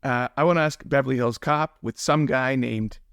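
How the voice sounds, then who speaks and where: A man's voice: medium pitch, normal speed, fairly bright tone, clear, resonant tone, dry recording, studio quality. A man hosting a podcast, asking questions and laughing along with his guest. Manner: laughs easily, reacts briefly. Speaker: podcast host. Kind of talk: interview questions.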